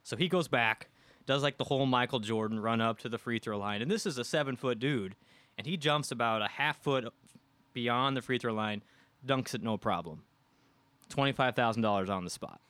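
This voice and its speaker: A man from the Midwest spins a casual story for a podcast, slipping into the voices of the people he quotes. His voice sits at an ordinary middle pitch, close and dry with no room sound around it. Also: moderate pace, fairly bright tone, clear, resonant tone, dry recording. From American Midwest. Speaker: guest storyteller. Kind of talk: casual anecdote telling on a podcast.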